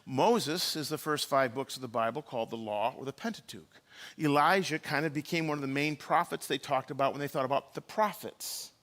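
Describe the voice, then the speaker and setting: A man's voice: a little high, a little fast, a bit bright. A man preaching a sermon in a church, telling the story and acting out the quoted lines. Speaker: pastor.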